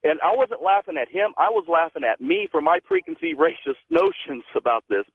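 A man calls into a late-night radio show over a thin phone line. He tells his story with a bright, lively lift, and his pitch rides high and swings widely. The sound is dry and close. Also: fairly quick, gravelly, slightly rough, no echo. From Texas. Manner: animated, earnest storyteller. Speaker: caller. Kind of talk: call-in storytelling.

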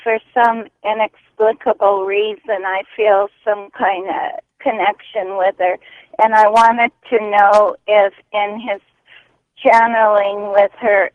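A woman's voice: mid-range voice, dry recording. A woman from Washington State calling in to a radio show, asking a question politely. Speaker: caller. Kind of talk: radio call-in. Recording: tinny phone line.

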